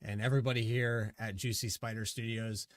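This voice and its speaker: A man hosting a racing broadcast sign-off, emotional and grateful, his voice going hoarse late at night. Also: on the low side, little pitch movement, brisk, no room sound. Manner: emotional, thankful, loosely rambling. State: losing his voice. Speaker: race broadcast host.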